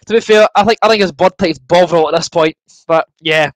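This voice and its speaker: A Scottish man hosting a live football watchalong, excitable and chatty, cheering, laughing and talking to his viewers over a desk microphone. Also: on the high side, a little fast, no room sound, poor audio. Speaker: livestream host.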